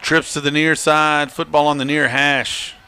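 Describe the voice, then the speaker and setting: A man calling a high school football game play-by-play, chatty and joking. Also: flat delivery, a little slow, sharp tone, clear, resonant tone. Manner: chatty, joking, laughs often. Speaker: play-by-play announcer.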